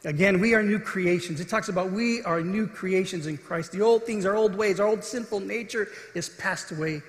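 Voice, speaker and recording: A man with a notably high voice delivers an earnest sermon, stepping into the voices of the scripture story. He sounds like he is in a large hall, his words trailing off in a long, roomy echo. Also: moderate pace. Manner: earnest preaching, acts out quoted voices with rising intensity. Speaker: pastor. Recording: echoey hall.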